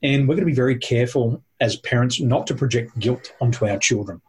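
A man's voice: medium pitch, fairly quick, a little mellow, slightly rough. A man talking with a host, explaining points in a teacherly, emphatic way and listing them one by one. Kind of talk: conversational explaining.

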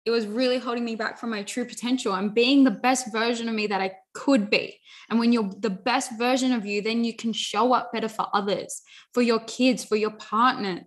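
A woman's voice: fairly high pitch, fairly even intonation, moderate pace. A young adult woman giving an earnest motivational talk, repeating phrases and often saying "you know" and "like". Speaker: self-help speaker.

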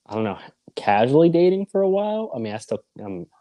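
A man's voice: mid-range voice, very animated, brisk, warm tone. A man co-hosting a casual podcast chat, teasing as he sets up scenarios and leads the questions. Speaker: podcast co-host.

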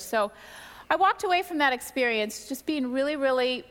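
A middle-aged woman sharing a candid, animated personal testimony from the pulpit. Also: high voice, normal speed. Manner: candid, animated storytelling with self-deprecating asides. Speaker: pastor's wife sharing testimony. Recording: reverberant church hall.

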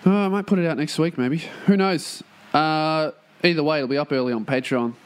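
A man's voice: fairly high pitch, a little fast, smooth. A man hosting his own podcast, rambling casually and profanely with self-mocking jokes, recorded in a room at a shared workplace. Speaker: podcast host.

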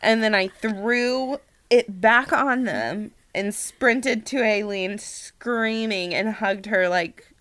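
A woman co-hosting a casual podcast, telling stories in an expressive way. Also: medium pitch, takes it slowly, few pauses, no echo. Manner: expressive storyteller. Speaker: podcast co-host.

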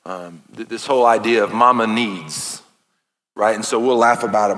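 A man in his thirties preaches in a church with a bright, forceful tone, earnest and impassioned, slipping into playful asides. His voice carries a long reverb from the big sanctuary. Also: fairly low pitch, normal speed. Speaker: pastor. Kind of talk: sermon. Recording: long reverb of a large hall.

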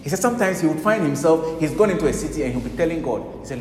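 Emphatic preacher in an echoey hall. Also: male voice, fairly high pitch, animated, racing, background noise. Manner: emphatic, swinging between loud urgent bursts and hushed passages. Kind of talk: sermon. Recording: echoey hall with long reverb, faint ambience.

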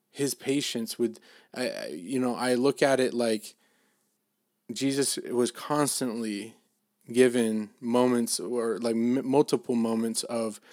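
Middle-aged man, mid-pitch, dry close sound, relaxed preaching with frequent restarts. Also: no echo. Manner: casual, halting, many restarts and fillers. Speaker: dad giving a faith talk. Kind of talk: informal sermon.

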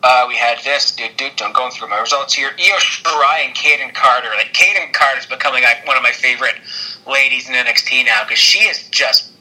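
A man's voice: mid-range voice, steady tone, fairly quick, pushed and bright, poor audio. A man casually recapping wrestling on a podcast, rambling with lots of fillers and frequent laughs. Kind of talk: casual chat.

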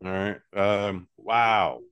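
A man's voice: fairly low pitch, very slow, a bit bright, clear, resonant tone. A man co-hosting a casual comedy podcast, dry and teasing, and laid-back as he corrects and riffs. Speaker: podcast co-host.

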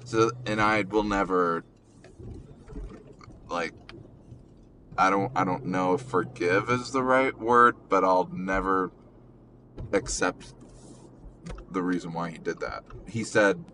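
Low, slow-talking young man. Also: sharp tone, a little hiss or hum. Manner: halting, many ums and restarts, emotional. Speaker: podcast host. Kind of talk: casual podcast chat.

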